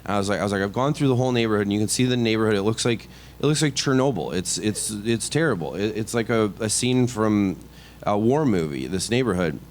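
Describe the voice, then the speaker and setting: Animated middle-aged comedian telling a story. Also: male voice, on the low side, a little hiss or hum. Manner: animated, self-deprecating, quick asides and restarts. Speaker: comedian guest. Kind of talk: casual podcast storytelling.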